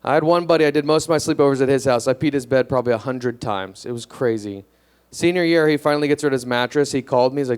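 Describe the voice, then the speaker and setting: Smooth-voiced deadpan young comedian. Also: male voice, medium pitch, rapid-fire, hardly any pauses. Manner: deadpan, self-deprecating, hesitant with fillers. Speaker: stand-up comedian. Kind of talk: stand-up comedy set. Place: comedy club stage.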